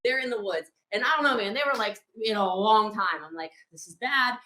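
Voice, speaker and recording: A woman leading a retreat tells a story in an animated, exasperated way, swearing freely. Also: mid-range voice, fast. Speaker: retreat leader. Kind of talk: anecdotal storytelling. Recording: roomy echo.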